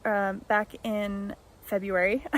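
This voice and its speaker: A young American woman vlogging, speaking an emotional tribute to her grandmother, halting often with fillers and restarts. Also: medium pitch, rough recording. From United States. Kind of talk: heartfelt tribute and vlog narration.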